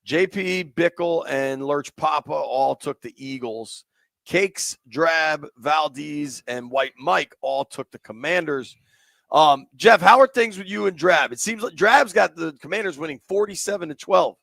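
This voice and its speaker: A laid-back man from Washington, D.C., chats his way through a sports radio show and leans on fillers as he talks. His voice sits a little high, and the studio sound is dry. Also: a little slow, vocal fry, fairly bright tone, dry recording. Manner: easygoing, rambling with fillers and restarts. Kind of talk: casual sports talk on a livestream.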